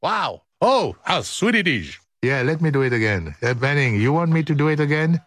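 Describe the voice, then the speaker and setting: A man's voice: on the high side, moderate pace, no echo. A man hosting a radio music show, joking through outtakes and telling stories with lots of laughter. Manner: jokey, animated, laughing often. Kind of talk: playful outtakes and storytelling.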